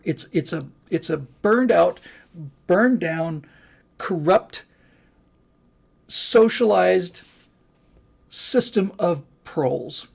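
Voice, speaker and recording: A man's voice: high-pitched, animated, drawn-out words, vocal fry, pauses often, slightly rough. An older man hosting a live stream, chatting casually and reading comments in a rambling, folksy way. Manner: rambling, folksy, restarts and asides.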